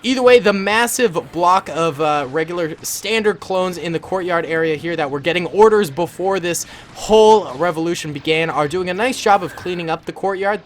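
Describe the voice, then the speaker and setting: A man's voice: a little high, fairly bright tone. A man casually commentating a battle simulation game in a laid-back, enthusiastic way, with plenty of ums.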